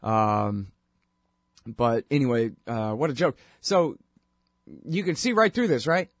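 A man's voice: medium pitch, slow pace, dry recording, clean studio sound. A man hosting a talk show, delivering a sarcastic, opinionated political monologue that builds to indignant outbursts.

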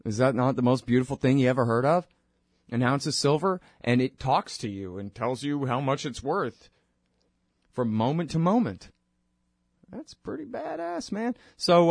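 Rambling, wry radio host. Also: male voice, medium pitch, no echo, clean studio sound. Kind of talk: casual monologue with plugs.

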